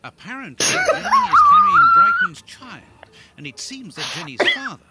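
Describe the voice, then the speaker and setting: A man voicing a game's narrator, delivering dry, deadpan remarks as scripted voice-over. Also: very high voice, normal speed, heavily acted. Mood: wry. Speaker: game narrator.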